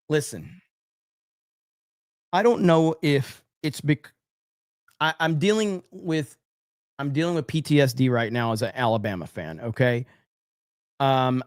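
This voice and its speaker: A man's voice: fairly high pitch, no echo, clean studio sound. Profane man hosting a livestream. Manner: profane, blunt, mock-angry banter with chat. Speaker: livestream podcast host. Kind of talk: casual livestream chat reading donations.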